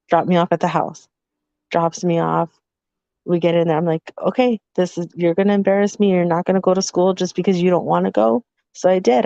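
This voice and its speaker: A woman's voice: lowish voice, no echo. A woman co-hosting a podcast, telling a family story in casual chat and acting out the voices in it. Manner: animated, acts out voices in her story. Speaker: podcast co-host. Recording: dull lo-fi sound.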